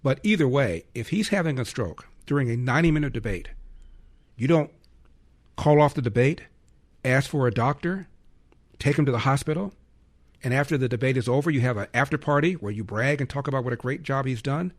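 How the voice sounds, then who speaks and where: A man's voice: mid-range voice, expressive, a little fast. A man hosting a call-in radio talk show, arguing emphatically and firing off rhetorical questions.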